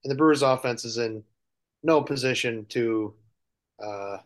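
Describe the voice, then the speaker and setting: A man's voice: mid-range voice, a little slow. Guy on a sports podcast, mid voice, lots of ums, kinda dry jokes. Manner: hesitant, lots of fillers and restarts, dry humor. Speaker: podcast co-host. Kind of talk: casual sports podcast chat.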